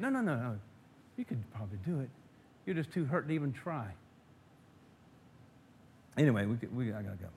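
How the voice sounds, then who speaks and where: A man preaching a sermon to his congregation. He swells loud and emphatic when reading scripture and drops to soft asides, often restarting and repeating words. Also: mid-range voice, very animated, brisk, long pauses, slight background noise. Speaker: pastor.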